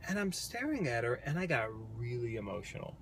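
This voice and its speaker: A man's voice: medium pitch, sing-song, fairly quick, over a noisy crowd. A man in a car telling his baby's birth story as a casual vlog co-host, earnest and reflective, with many restarts. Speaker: vlog co-host, new father. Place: parked car.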